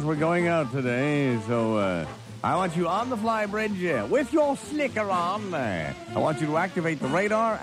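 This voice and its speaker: A man hosting a radio morning show, telling comic stories in a theatrical way from a studio. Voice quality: animated, theatrical delivery with sudden pitch jumps.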